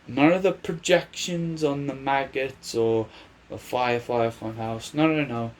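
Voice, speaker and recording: A man's voice: mid-range voice, unhurried. A man giving casual, rambling wrestling predictions on his vlog, often restarting his sentences. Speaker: wrestling commentator.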